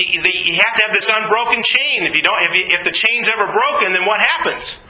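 A man's voice: high voice, reverberant, noisy background. A man teaching an informal Bible study to a class, asking questions and then answering them himself.

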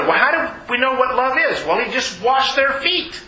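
Male pastor, animated sermon delivery, high voice, roomy church acoustics. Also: moderate pace, hardly any pauses. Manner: animated preaching, acts out voices in Bible scenes.

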